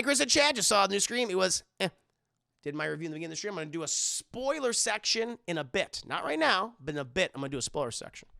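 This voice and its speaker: Man who is a joking live streamer reading chat, with a fairly high, bright voice that swings widely in pitch. The gravelly fry is clear, and the sound is dry and close. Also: no room sound. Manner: joking, animated, quick impressions.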